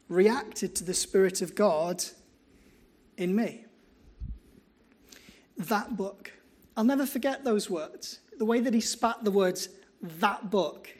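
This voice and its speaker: A middle-aged man, a pastor preaching a sermon in an earnest, storytelling way that builds to slow, emphatic lines. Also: sits high, a little mellow.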